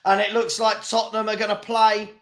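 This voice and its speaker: A man hosting a live football watchalong, commentating excitably and exasperatedly and often laughing. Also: sits high, a little fast. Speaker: fan channel host.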